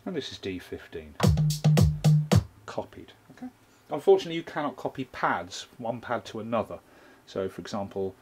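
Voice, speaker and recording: A man's voice: on the low side, husky. A man giving a hands-on tutorial, explaining a drum machine's sequencer step by step while he plays it. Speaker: music gear reviewer.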